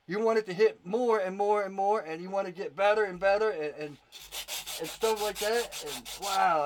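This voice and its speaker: High-voiced man chatting on a livestream. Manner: rambling, repeats words, reads and answers viewer comments. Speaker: YouTuber and knife maker hosting a livestream. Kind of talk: casual livestream chat.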